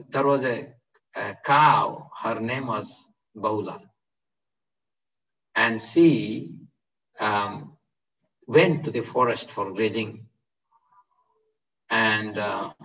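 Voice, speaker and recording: A man telling a devotional story, slow and hesitant, with many fillers. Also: mid-range voice, vocal fry, bright, forceful tone. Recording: distant dull lo-fi.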